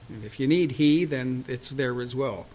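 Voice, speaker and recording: A man's voice: medium pitch, moderate pace, darkish tone. A man teaching a Bible study, chuckling often and reading scripture aloud with emphasis.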